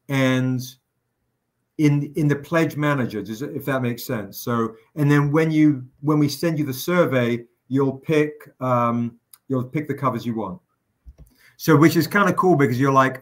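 A man's voice: mid-range voice, normal speed. A man hosting a live stream, chatting casually with fillers, jokes and the odd swear word. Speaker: livestream host running a crowdfunding campaign.

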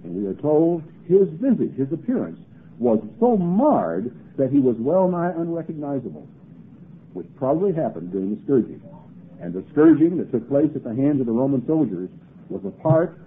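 A man's voice: fairly high pitch, breathy edge. A man preaching a sermon, reading scripture aloud dramatically and pressing emphatic rhetorical questions on his listeners. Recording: tinny narrow-band 1980s sermon recording.

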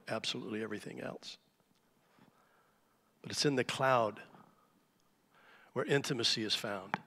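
Man, pastor, sermon, animated storytelling, bright tone, long church reverb. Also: mid-range voice. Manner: animated storytelling, acts out shouted cries. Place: church sanctuary. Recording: live church hall reverb.

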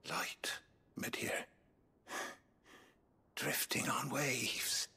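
A man's voice: mid-range voice, level tone, very slow, vocal fry, sharp tone, husky, in a whisper, full character voice. A dying old man. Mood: fading. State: faint and breathless. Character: dying older man drifting away peacefully. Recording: game audio with faint music.

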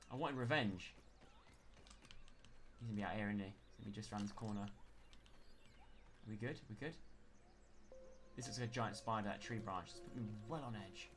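A man with a West Country accent giving live, chatty commentary as he plays a game, narrating every move and breaking into panicked yells when things go wrong. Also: on the low side. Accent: West Country English. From West Country of England. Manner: chatty self-narration, bursts into panicked yelling. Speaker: game streamer. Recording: steady background noise under the voice.

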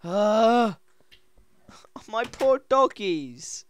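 Giggly let's play commentator, voice wearing hoarse, swings in pitch, dry close sound. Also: unhurried, no room sound. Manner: excitable, giggly, reads signs aloud. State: voice going hoarse. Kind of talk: casual gameplay commentary.

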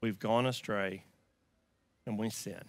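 A man with a Southern US accent preaching a sermon, telling a story and swinging from loud emphatic lines to quiet hushed ones. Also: fairly low pitch, fairly even intonation, takes it slowly, no echo. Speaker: pastor.

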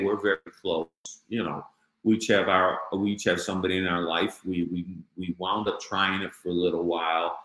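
A middle-aged man with a low voice talks bluntly about his own life, peppering it with "you know." He sounds like a street guy, not a polished speaker. The room around him is echoey. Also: a bit bright. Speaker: guest. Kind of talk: personal storytelling in an interview.

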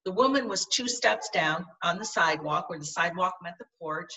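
Bright-voiced woman telling a story earnestly. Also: on the low side, lively intonation, a little fast, far from the mic, poor audio. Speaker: podcast guest. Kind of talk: personal storytelling in an interview.

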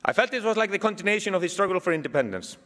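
Animated Icelandic man speaking in a hall. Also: sits high, racing. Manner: animated storytelling with humor. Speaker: keynote speaker. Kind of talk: speech to a summit audience. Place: large hall. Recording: long hall reverb.

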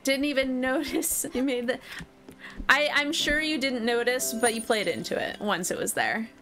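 A woman's voice: high-pitched, moderate pace, bright, forceful tone. A young woman streaming a video game live, chatting casually, reading out viewer comments and laughing often. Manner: reads chat aloud, laughs often, chatty and candid. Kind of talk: casual live-stream chat while gaming. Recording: game music behind voice. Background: game music.

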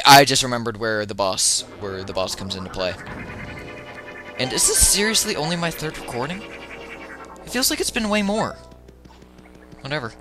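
A man giving casual, rambling, jokey gameplay commentary from home, breaking into loud excited yelps. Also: on the low side. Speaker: let's player. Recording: video game music playing behind.

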